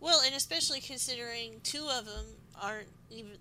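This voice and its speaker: Podcast co-host, woman, high bright voice, animated quick reactions, faint background noise. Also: poor audio. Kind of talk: casual recap chat.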